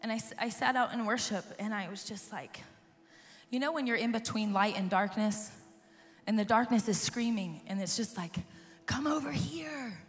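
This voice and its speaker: A woman worship leader, hoarse and losing her voice, telling an earnest personal testimony to a live audience. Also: mid-range voice, normal speed. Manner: earnest, storytelling, talks to the crowd. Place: large conference hall. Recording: live hall reverb with soft music.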